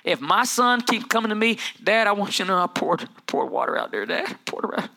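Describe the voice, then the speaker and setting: A man, a pastor preaching a sermon, telling stories and acting out family voices, moving between quiet asides and loud, building preaching. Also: high voice, big pitch swings, fairly quick, gravelly.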